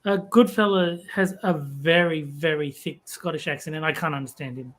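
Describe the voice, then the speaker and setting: A man with a notably high voice chats on a podcast. He talks in a relaxed way and pauses with small hesitations as he works out his points. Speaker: podcast co-host. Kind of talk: casual chat.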